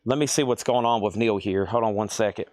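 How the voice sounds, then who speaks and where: A man's voice: fairly low pitch, a little fast, darkish tone, no room sound. Guy running a live poster sale, calling prices and names, dry close sound. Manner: calls out prices and buyer names, thinks aloud. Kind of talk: live auction selling.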